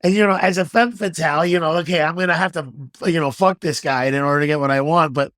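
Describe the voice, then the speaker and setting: A man's voice: a little high, fairly even intonation, fast, fairly bright tone, no room sound, studio quality. A man co-hosting a podcast in casual chat, laid-back, laughing easily and swearing. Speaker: podcast co-host.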